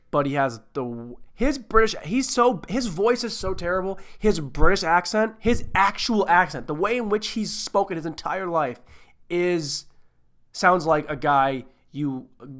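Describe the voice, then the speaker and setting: A man's voice: medium pitch, a bit bright. A man hosting a podcast, reviewing a movie in a loose, rambling, jokey way with plenty of swearing. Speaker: podcast host. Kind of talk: casual movie-review chat.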